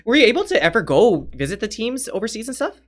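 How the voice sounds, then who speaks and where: A woman's voice: on the high side, sing-song, fast. A woman hosting a gaming podcast, teasing her guest playfully and laughing often in casual chat. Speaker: podcast host.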